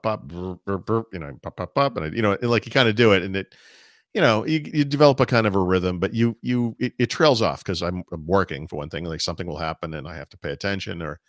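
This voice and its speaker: Low-voiced middle-aged man, rambling chat. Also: no room sound, studio quality. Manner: rambling, many restarts and asides. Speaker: podcast co-host. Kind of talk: casual chat.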